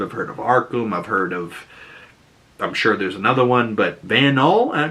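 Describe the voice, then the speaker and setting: A man's voice: on the low side, pushed and bright. A man casually recapping a TV episode, chatty and profane, acting out the characters' lines as he goes. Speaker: TV show reviewer.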